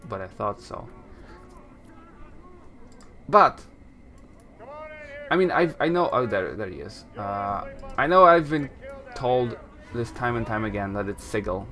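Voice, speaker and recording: A man talks through his game playthrough in a loose, rambling way, correcting himself as he goes. His voice sits at a middle pitch. Faint game music plays underneath. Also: pushed and bright. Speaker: gameplay commentator. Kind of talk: casual let's-play commentary.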